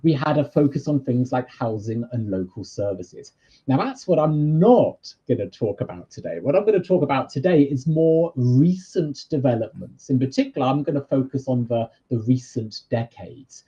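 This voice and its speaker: A man's voice: medium pitch, animated, moderate pace, warm tone, slightly rough, muffled recording. A man with a British accent, a university lecturer explaining his topic in a conversational way during a live online session.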